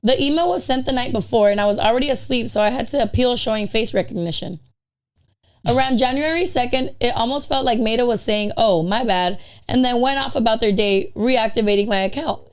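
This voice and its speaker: Brief: woman podcast host, bit higher pitch, casual storyteller, reads a prepared anecdote. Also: a little fast. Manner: chatty, storytelling.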